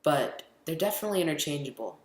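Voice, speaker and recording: A teenage boy vlogs casually in an echoey room, rambling through a countdown of his favorite movies with plenty of ums. His voice is fairly high and sing-song, and he talks at a quick pace.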